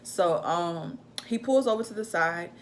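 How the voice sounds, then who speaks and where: A young woman casually telling a personal story to camera in an animated, chatty way. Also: fairly low pitch, unhurried, a little hiss or hum. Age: young adult. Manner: animated, chatty, acts out her own shouts in quotes. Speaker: vlogger telling a birth story.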